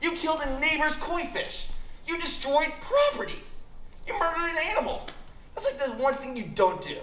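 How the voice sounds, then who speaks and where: A man's voice: very high voice, sing-song, normal speed, bright, forceful tone, voice pushed up, exaggerated voice. A young man voicing his angry mother, shrilly lecturing her son. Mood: scolding. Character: angry scolding mother, middle-aged woman. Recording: roomy hall echo.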